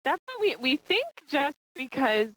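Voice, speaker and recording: A young adult woman telling a lively anecdote in casual podcast chat, laughing as she goes. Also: high-pitched, a little slow, no echo, poor audio. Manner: animated, laughing storyteller.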